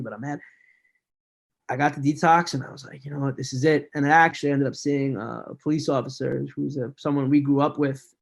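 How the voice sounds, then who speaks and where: A man's voice: mid-range voice, vocal fry. Candid man telling his story. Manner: candid, quick, laughs while telling the story. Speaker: podcast guest. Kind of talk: personal story in conversation.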